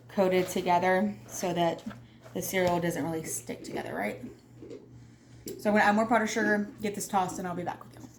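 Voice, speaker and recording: A woman hosts a casual cooking demo from her home kitchen, chatting freely and poking fun at herself. Her voice sits at an ordinary middle pitch. The room is echoey and noisy around her. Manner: chatty, self-deprecating, addresses viewers as y'all. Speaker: cooking video host. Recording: echoey kitchen with loud background noise.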